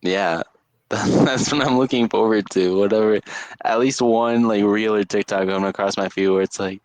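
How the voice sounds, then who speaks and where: A man's voice: lowish voice, fairly even intonation, normal speed, a little mellow, dry recording. A young man co-hosting a casual sports podcast, rambling with lots of fillers and restarts. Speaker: podcast co-host.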